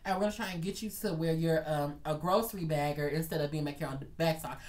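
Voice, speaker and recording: A man's voice: on the high side, fast, far from the mic, close to an everyday voice. A man doing a soothing female supervisor. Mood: calm. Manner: gentle, placating.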